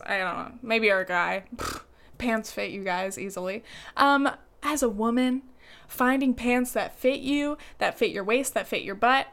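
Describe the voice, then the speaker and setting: Chatty young woman, smooth clear voice. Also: fairly high pitch, a bit bright. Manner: chatty, lots of "like" fillers, swears freely. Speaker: vlogger. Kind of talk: casual chat.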